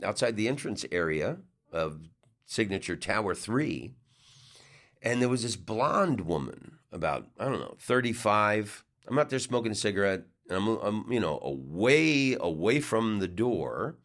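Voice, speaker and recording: A man's voice: fairly low pitch, sing-song, a little slow, a bit bright. A middle-aged man, a comedian, telling a rambling casual story with lots of restarts and fillers. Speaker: comedian and podcast host.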